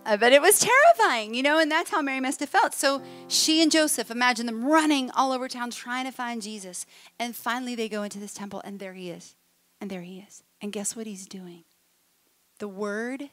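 A woman's voice: on the high side, moderate pace, faint music behind. A woman speaker telling a humorous story to a live audience, acting out voices as she goes. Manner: animated, humorous, acts out voices. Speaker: conference speaker.

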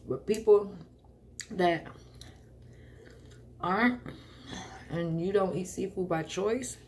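A woman's voice: medium pitch, slow, darkish tone, a little hiss or hum. A woman hosting a casual eating vlog, talking between bites in a loose, slangy way and often chuckling. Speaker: mukbang vlogger.

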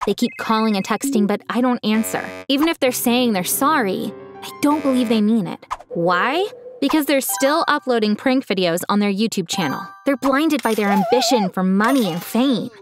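A woman's voice: on the high side, lively intonation, moderate pace, music in the background. A woman giving an earnest, emotional first-person story narration.

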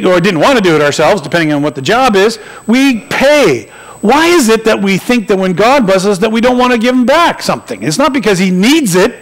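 A pastor with a notably high voice delivers a sermon in a church. He talks in a loose, conversational way, tossing jokes and asides to people in the pews. The recording is of poor quality. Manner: conversational and joking, with acted-out asides. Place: church sanctuary.

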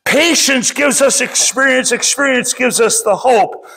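A man's voice: extremely high pitch, unhurried, gravelly, sharp tone. A middle-aged man preaching a sermon as pastor, impassioned and often calling out to the congregation.

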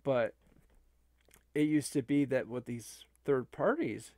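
Gravelly man rambling in casual talk. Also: mid-range voice, slow pace, mellow, dry recording, clean studio sound. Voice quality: gravelly, rambling with many restarts. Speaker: online video creator.

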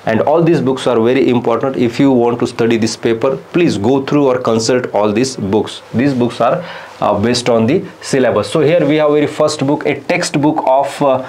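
Male lecturer, mid pitch, halting delivery with many fillers, explaining course content. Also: darkish tone. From India. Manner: halting, frequent "uh" fillers and restarts.

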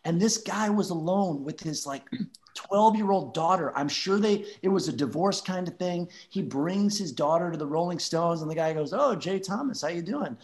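An animated man with a high voice tells a comic story. He laughs as he goes and acts out what the people in his story said. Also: moderate pace. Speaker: guest, former show regular. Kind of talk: anecdote telling.

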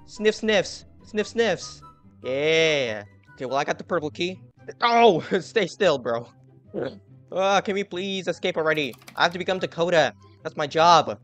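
A man giving live gameplay commentary, excitably yelling at his teammates and swinging from muttering to shouting. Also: on the high side, moderate pace, soft background music. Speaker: gaming channel host.

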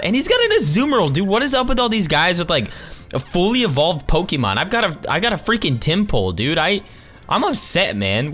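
Brief: lively young male gaming host, slangy and sarcastic, animated pitch. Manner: slangy, jokey, sarcastic, calls everyone dude. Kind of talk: casual let's-play commentary.

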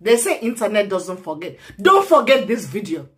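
Woman vlogger, furious tearful rant, wildly varied pitch from mutter to shout. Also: sing-song, moderate pace. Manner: furious, swings between shouting and low muttering, repeats lines. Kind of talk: angry ranting vlog to camera.

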